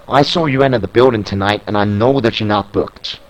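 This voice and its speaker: A man reading out the lines of a persuasive, businesslike male wrestling promotion owner in his own low voice. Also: fairly quick, natural voice, poor audio.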